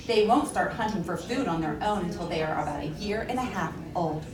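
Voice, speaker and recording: A woman presenting a children's library program, animated and gasping with exaggerated delight. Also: fairly low pitch, a little fast, a crowd in the background. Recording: roomy echo, distant mic, faint hiss.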